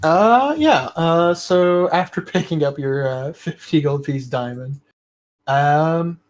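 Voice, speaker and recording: A man's voice: a little high, animated, slow, poor audio. A man narrating as game master of a tabletop game, describing scenes in a loose, rambling way and laughing often.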